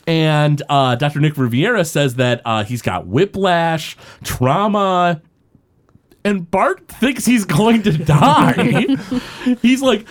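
A man's voice: a little high, expressive, a little slow. A man chatting casually as a podcast co-host, rambling through an episode recap with many filler words and frequent laughter.

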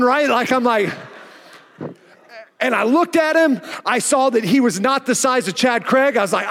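A pastor with an Oklahoma accent preaching a sermon, telling a story with animated delivery and acting out the exchanges himself. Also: male voice, very high-pitched, measured pace, big-room sound. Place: church auditorium.

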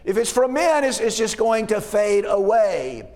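A man's voice: sits high, sing-song, unhurried, a little mellow. A man preaching a sermon who often asks rhetorical questions and restarts his words mid-phrase. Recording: long reverb of a hall.

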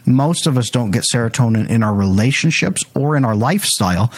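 Husky-voiced man coaching in conversation. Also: mid-range voice, brisk. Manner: animated storytelling, acts out quoted voices. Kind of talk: casual podcast conversation.

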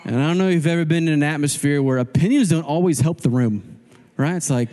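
Male pastor, casual lively sermon, slightly high voice, long hall reverb. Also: fast talker. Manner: casual, animated preaching with quoted asides.

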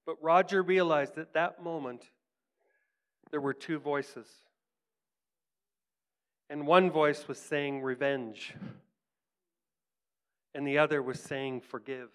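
A man telling a story in a sermon, earnest, sinking to hushed tones for quoted words and rising for emphasis. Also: a little high, fairly even intonation, takes it slowly, pauses often, clear, resonant tone. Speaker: preacher.

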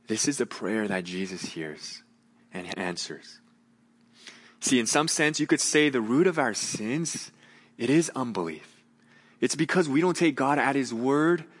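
A man preaching a sermon as a pastor, earnest, moving between raised emphasis and hushed, gentle appeals. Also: medium pitch, animated, unhurried, long reverb tail.

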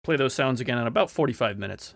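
Man, deadpan podcast co-host, mid pitch, dry close sound. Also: fast talker, creaky, no echo. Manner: dry, wry one-liners. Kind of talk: casual chat.

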